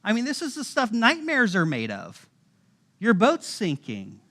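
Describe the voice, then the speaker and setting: Animated high-voiced man preaching. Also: unhurried. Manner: casual, animated storytelling with voiced asides. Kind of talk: sermon. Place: church.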